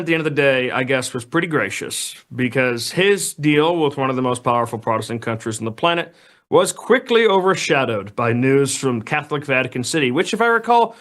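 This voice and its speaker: Man, guest commentator, opinionated, chatty, mid-pitched voice. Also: a bit bright. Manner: opinionated, conversational, with frequent restarts. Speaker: news editor guest. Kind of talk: political commentary.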